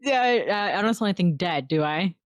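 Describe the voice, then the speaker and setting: A woman playing a tabletop game, giving short, quick replies to the game master. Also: medium pitch, lively intonation, dry recording, studio quality. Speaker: player.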